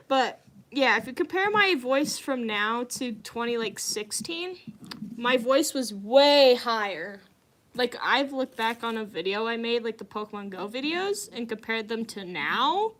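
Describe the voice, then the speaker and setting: A woman's voice: a little high, sharp tone. A young woman chatting casually on a live stream at home, giggling often and rambling from one thought to the next. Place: at home indoors.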